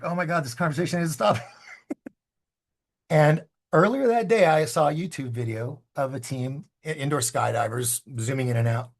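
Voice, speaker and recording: Male filmmaker guest, husky timbre, animated storyteller who acts out quotes. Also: on the high side. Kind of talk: storytelling in a casual interview.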